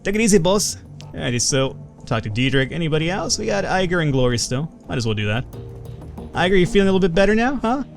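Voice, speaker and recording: A man's voice: a little high, sing-song, quick pace, gravelly. Chatty let's play guy, swears a lot, faint game music behind him. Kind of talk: casual gameplay commentary.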